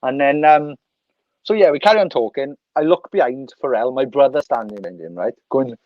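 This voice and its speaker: A Welsh man in his thirties telling an animated, sweary story as a podcast guest. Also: medium pitch, fairly quick, no echo, dull audio. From Wales. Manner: animated, sweary, laughs through anecdotes. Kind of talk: casual storytelling.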